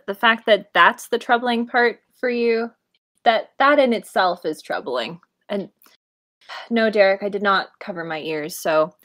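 A woman's voice: on the high side, a bit bright, close to an everyday voice. A woman playing an exasperated young woman who keeps scolding her friends.

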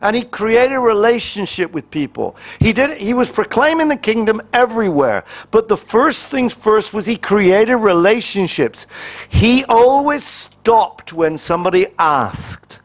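A man's voice: sits high, big pitch swings, measured pace. A man, a pastor, preaching a sermon in a conversational and humorous way, acting out little quoted exchanges.

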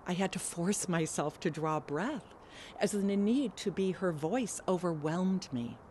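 A woman's voice: fairly low pitch, animated, unhurried, darkish tone, slight background noise. A woman telling a personal story on stage in an earnest, emotional way.

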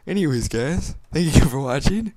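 A man's voice: fairly high pitch, lively intonation, normal speed, darkish tone, dry recording. A young man giving casual gameplay commentary, rambling and joking with crude language. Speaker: gaming YouTuber.

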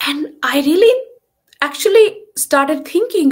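Over video call sound, a woman in her thirties living in Western Australia recounts a personal story as a guest in a live online talk. Her medium-pitched, slightly bright voice moves at an unhurried pace, earnest and candid, with plenty of fillers.

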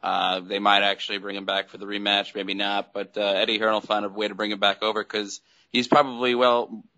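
A man's voice: fairly low pitch, little pitch movement, brisk, bright, forceful tone, poor audio. A man co-hosting a podcast in casual chat, rambling and hesitant, with many fillers. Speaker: podcast co-host.

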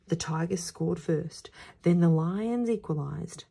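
A woman, who teaches at a school, reading a children's picture book aloud in a lively storytelling voice. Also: lowish voice, takes it slowly, vocal fry, husky. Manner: expressive, sing-song storytelling.

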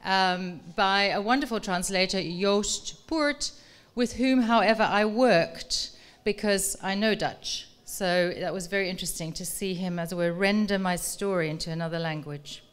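A woman's voice: mid-range voice, moderate pace, clear, resonant tone. A middle-aged woman professor giving a public talk in a museum room, reading aloud and then polling the audience with questions in an engaging, articulate way.

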